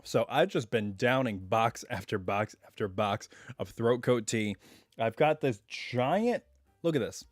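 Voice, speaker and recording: Rambling, slightly hoarse man streaming live. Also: medium pitch, lively intonation, a little slow, no echo, clean studio sound. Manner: chatty and rambling, full of asides. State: hoarse, recovering voice. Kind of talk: casual live stream chat. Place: at home.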